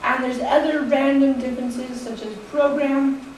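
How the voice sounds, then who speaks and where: An American woman teaching English, giving a slow, deliberate classroom presentation and laughing lightly between points. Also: sits high, fairly even intonation, very echoey, recorded from a distance, a little hiss or hum, low-quality recording. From United States.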